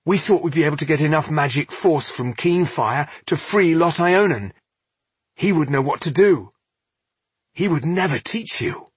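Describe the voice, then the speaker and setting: A man's voice: a little high, lively intonation, normal speed, slightly rough, dry recording, voice pushed up. A man putting on a defiant young sorceress. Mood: insistent. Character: young woman magic apprentice, proud and defiant.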